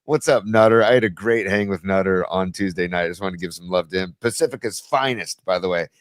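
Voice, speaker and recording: A man's voice: deep voice, fast talker, no echo, studio quality. A man co-hosting a podcast in casual sports chat, loose and chatty, reading listener song picks. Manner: loose and chatty, calls everyone dude. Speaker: podcast co-host.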